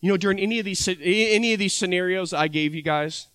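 Bright-voiced pastor, lively delivery. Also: male voice, high-pitched, quick pace, clear, resonant tone, no echo. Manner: conversational, acts out little dialogues. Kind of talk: sermon.

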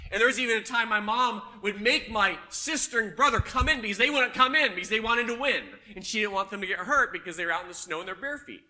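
A man preaching a sermon, telling a personal story with emphatic, loud punches. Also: high voice, quick pace, few pauses. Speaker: pastor.

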